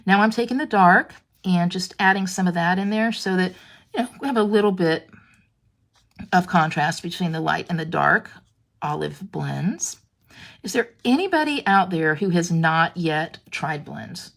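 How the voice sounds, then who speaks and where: A woman's voice: fairly low pitch, animated, normal speed, vocal fry, fairly bright tone. A woman from Canada hosting a casual crafting livestream from her home craft room, chatting with viewers about their comments, with many fillers and restarts. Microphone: phone camera.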